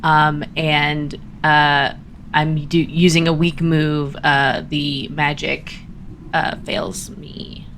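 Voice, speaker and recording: A woman's voice: low voice, level tone, slow, fairly bright tone, slight background noise. A woman describing her character's actions in a tabletop game, hesitant and full of fillers. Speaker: player.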